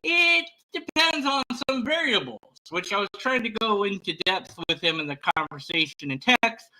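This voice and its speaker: A man's voice: sits high, lively intonation, normal speed, pushed and bright, slight background noise, rough recording. A man talking casually to camera in a vlog, rambling with many fillers and restarts. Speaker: YouTuber.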